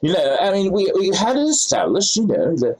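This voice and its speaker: A man's voice: high-pitched, huge pitch swings, fairly quick, darkish tone, breathy edge, full character voice, poor audio. A man putting on a British accent to voice a flustered British army officer complaining about the rules of war. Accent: put-on British. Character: fussy British army officer, male, middle-aged.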